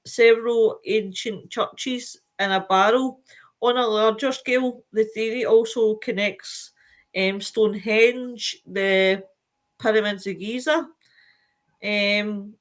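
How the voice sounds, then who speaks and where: A woman with a somewhat high voice hosts a casual live stream. She sounds tired but stays chatty and animated. She reads viewer comments aloud and fills her pauses with ums. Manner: chatty and animated, with many fillers. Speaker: show host reading viewer comments.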